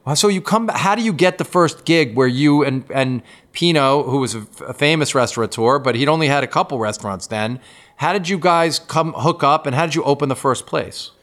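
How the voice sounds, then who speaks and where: A man's voice: a little high, animated, brisk, a bit bright. A man in his fifties hosting a casual interview, eagerly asking follow-up questions. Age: 50s. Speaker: podcast host.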